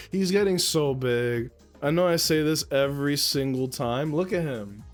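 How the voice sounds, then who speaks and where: A man's voice: on the high side, a little slow, hardly any pauses, faint music behind. A young man streaming from home, chatting casually to his viewers and cooing baby talk at his cat, swearing now and then. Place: at home indoors. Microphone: desk mic, handled up close.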